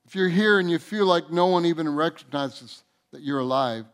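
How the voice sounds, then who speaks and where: A man preaching a sermon to his church as its pastor, earnest, with restarts and soft, quiet endings to his phrases. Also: on the high side, normal speed, few pauses, clear, resonant tone. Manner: earnest, with repeated restarts and soft drops in volume. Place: church sanctuary.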